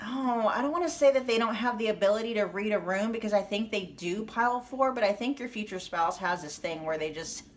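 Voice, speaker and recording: Midwestern lady doing a chatty tarot reading, lots of ums and restarts, mid pitch, bit of hiss behind. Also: brisk, few pauses. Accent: Midwestern American. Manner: chatty, thinking aloud, many fillers and self-corrections. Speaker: tarot reader. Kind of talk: casual spoken tarot reading to viewers.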